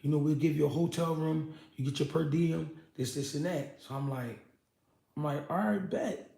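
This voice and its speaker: A young man, a former pro boxer, telling his story in a casual, animated, profane way. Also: a little high, moderate pace, creaky. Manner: animated, profane street talk with many "you know what I mean". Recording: echoey room.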